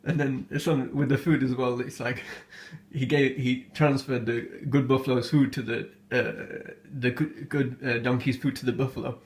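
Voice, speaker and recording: A man's voice: mid-range voice, fairly even intonation, normal speed, hardly any pauses. Amused, hesitant male storyteller. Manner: hesitant, many fillers and restarts, amused. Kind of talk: casual storytelling.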